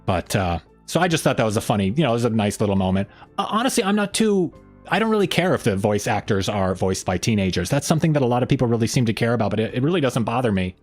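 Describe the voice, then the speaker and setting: This fast-talking male host chats casually on a live stream, soft music playing in the background. His speech rambles with fillers and restarts, and his pitch swings animatedly when he's joking.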